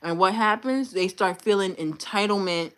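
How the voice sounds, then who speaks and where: A woman livestream host with a mid-range, slightly bright, clean voice chats casually and confidently at a normal pace. She speaks straight to her viewers in a blunt, slangy way, repeating her points for emphasis.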